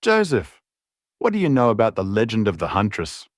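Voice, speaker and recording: A man's voice: fairly low pitch, huge pitch swings, normal speed, no echo, studio quality. A man voicing a distraught werewolf man who screams out in anguish. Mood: frantic. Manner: screaming, frantic. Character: distraught young werewolf man, desperate mate.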